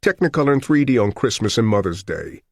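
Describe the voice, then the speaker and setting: A man's voice: mid-range voice, expressive, fast talker, no echo, voice pushed up, close to an everyday voice. Man putting on a sneering cop, threatening, contemptuous, dry close sound. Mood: mocking. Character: sneering gruff male cop.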